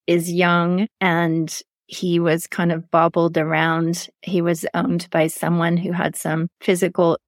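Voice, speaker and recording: Gravelly-voiced woman host, affirming. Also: lowish voice, no echo, clean studio sound. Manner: affirming, eager to relate her own experience. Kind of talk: casual conversational chat.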